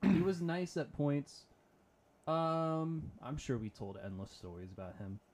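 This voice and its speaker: A man's voice: fairly high pitch, a little slow, a little mellow. A young man in casual chat, laid-back and self-deprecating, often laughing.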